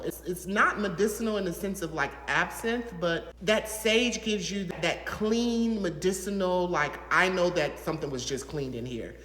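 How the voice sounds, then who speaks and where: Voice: mid-range voice, a bit bright, a little hiss or hum. A fragrance reviewer from the American South, talking casually to camera in a gushing, chatty way full of fillers. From Southern United States. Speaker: fragrance reviewer, channel host. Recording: echoey room with long reverb.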